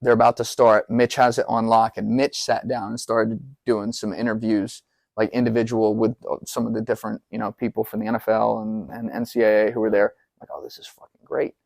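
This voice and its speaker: A man telling a story in casual podcast chat, animated and profane, acting out other people's lines with rising pitch. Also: a little fast, vocal fry, no echo. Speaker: podcast guest.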